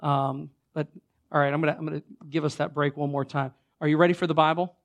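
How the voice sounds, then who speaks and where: Hoarse, raspy pastor, voice a bit high. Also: male voice, steady tone, quick pace. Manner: chatty and informal with many fillers and restarts. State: hoarse from a cold. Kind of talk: sermon. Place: church sanctuary before a congregation.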